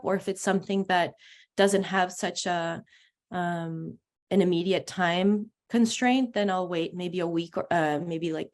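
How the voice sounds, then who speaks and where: A woman's voice: lowish voice, a little mellow. A woman journalist being interviewed, talking through her answers with many fillers and restarts. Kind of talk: conversational interview talk.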